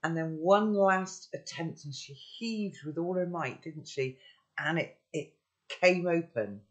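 A man's voice: a little high, slow pace, a bit bright. A man teaching children, recapping the story with friendly tag questions and then reading a chapter aloud.

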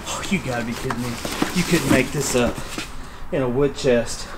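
A man filming an excited unboxing vlog in a small storage unit, calling out finds to viewers. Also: medium pitch, moderate pace, heavy background noise. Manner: addresses viewers as y'all, gasps and exclaims.

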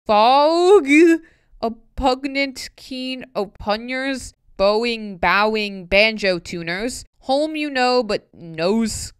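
A woman's voice: sits high, lively intonation, very slow, clean tone, dry recording, studio quality. A woman reading a tricky pronunciation poem aloud, word by word, stumbling and correcting herself with wry asides. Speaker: YouTuber.

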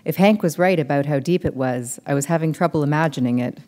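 A woman novelist reading her book aloud in measured, steady narration. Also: low-pitched, long reverb tail.

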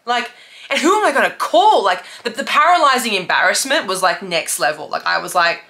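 A young woman speaking candidly about her worst moment as a business owner. Her voice is bright and crisp. She swears freely and laughs ruefully through painful memories, sounding close to tears at times. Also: mid-range voice, lively intonation, a little fast. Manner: raw, confessional, swearing often, laughing through hard memories. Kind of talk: candid personal storytelling.

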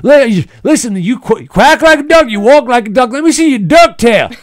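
A man voicing a loud, angry Southern good-ol'-boy with a drawl and folksy, profane talk. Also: high voice, big pitch swings, unhurried, no room sound, clean studio sound, voice pushed up. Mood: hollering.

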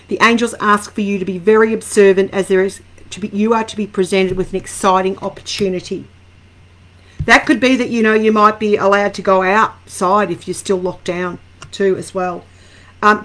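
A middle-aged Australian woman doing a casual live-stream angel card reading, greeting viewers by name and drifting into rambling personal asides. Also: mid-range voice.

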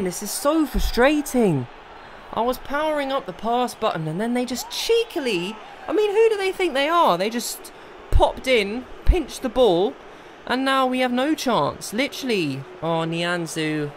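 Excitable young gaming commentator. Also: male voice, very high voice, unhurried, slight background noise. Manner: excitable, swings between exasperated outbursts and calm planning. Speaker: gaming video creator. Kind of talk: live gameplay commentary.

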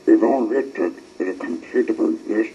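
A man's voice: on the low side, moderate pace, warm tone, lightly acted. A man voicing a stern male tugboat captain in a storybook reading, with a firm, commanding manner. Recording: muffled lo-fi recording with faint hiss.

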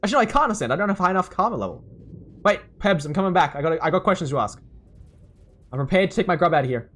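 A young English man giving excitable let's-play commentary, laughing and yelling at the game. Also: high-pitched, racing. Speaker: gamer.

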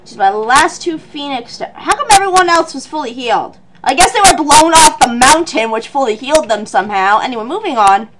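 A woman playing a video game for a let's play, excitable and loud, yelling at the screen, swearing, and mumbling through on-screen text. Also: sits high, fairly quick, hardly any pauses, background noise. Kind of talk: excited gaming commentary.

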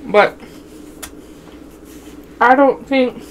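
A woman's voice: high voice, fairly even intonation, very slow. Young woman from Wyoming, casual vlogger voice, chatty storyteller who laughs a lot, faint hiss in the recording. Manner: chatty, addresses viewers as y'all, laughs often. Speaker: mukbang vlogger.

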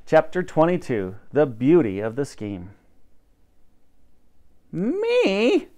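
A man reading a children's chapter book aloud as storyteller, expressive and theatrical. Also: normal speed. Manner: expressive, animated, lowers voice for narration.

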